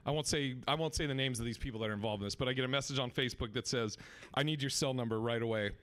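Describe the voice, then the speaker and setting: A man's voice: mid-range voice, rapid-fire. Guy comic telling road stories on a podcast, cusses a lot, acts out the quotes. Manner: swearing, animated storytelling with acted-out quotes. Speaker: comedian. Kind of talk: storytelling on a podcast.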